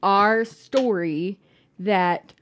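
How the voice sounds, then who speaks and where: A woman's voice: mid-range voice, extremely slow. A woman co-hosting a podcast in casual chat, blunt and profane, often laughing as she talks. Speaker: podcast co-host.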